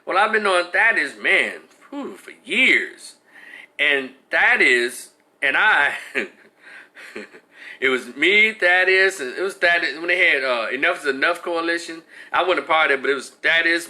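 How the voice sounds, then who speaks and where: A man runs a live stream, chatting animatedly, restarting often, and replying to viewers in chat. His voice sits slightly high.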